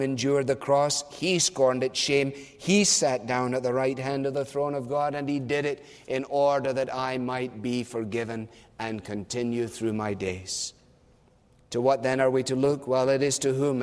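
A man preaching a sermon in an earnest, emphatic manner, repeating phrases and slowing down on key words. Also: mid-range voice, level tone, long reverb tail.

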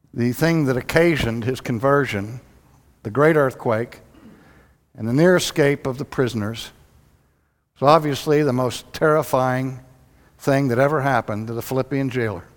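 A man preaching a sermon, telling the story dramatically, swinging from loud outbursts to hushed lows. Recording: long hall reverb.

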